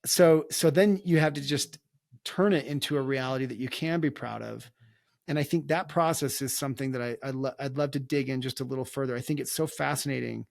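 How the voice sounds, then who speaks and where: A man's voice: mid-range voice, brisk, vocal fry, no echo, studio quality. A man hosting a podcast interview, emphatic and encouraging, stressing his key points. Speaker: podcast host and company CEO.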